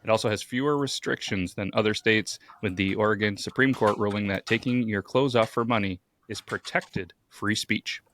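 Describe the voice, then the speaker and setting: A man's voice: on the low side, normal speed, hardly any pauses, fairly bright tone, slight background noise. A man co-hosting a podcast in casual chat, who laughs easily and reads facts aloud in a dry way. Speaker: podcast co-host.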